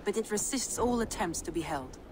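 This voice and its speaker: A woman's voice: mid-range voice, lively intonation, fairly quick, noisy background, lightly acted. A woman playing a composed settlement advisor. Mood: advising.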